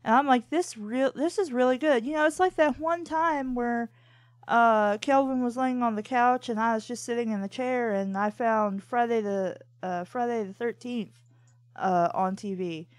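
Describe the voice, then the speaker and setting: A woman's voice: fairly high pitch, normal speed, no room sound. A woman co-hosting a casual talk show, telling long rambling stories about watching cartoons. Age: adult. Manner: rambling, full of "I'm like" and restarts. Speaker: podcast co-host. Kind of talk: casual chat, anecdotal storytelling.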